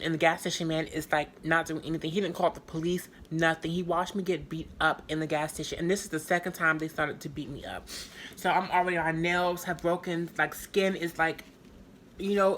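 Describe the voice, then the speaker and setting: A woman telling a personal story to camera in a rambling, halting way, full of fillers. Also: lowish voice, fairly bright tone, slight background noise. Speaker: storytime vlogger.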